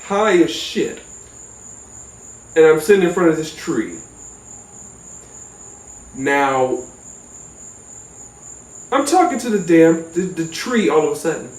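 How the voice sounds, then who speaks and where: A man telling a comic personal story in an animated, profane, rambling way. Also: on the high side, recorded from a distance. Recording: roomy echo, off-mic.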